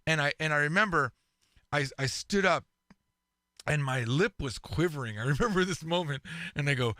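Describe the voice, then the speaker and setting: A man co-hosting a podcast in casual chat, telling stories with lively delivery and acting out quoted lines. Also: fairly high pitch, moderate pace, no echo, studio quality. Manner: animated storyteller, acts out quoted lines. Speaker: podcast co-host.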